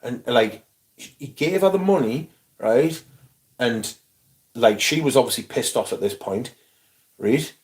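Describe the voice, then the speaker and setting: A middle-aged man, telling an animated, swear-filled story on a casual livestream. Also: mid-range voice, unhurried, long pauses. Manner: swearing, animated anecdote with quoted voices. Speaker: livestream host.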